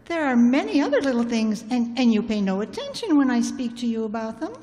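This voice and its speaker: A woman playing an anxious stepmother who tries hard to be patient, speaking gently and hesitantly in an amateur radio drama. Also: on the high side, sing-song, brisk, big-room sound. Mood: gentle.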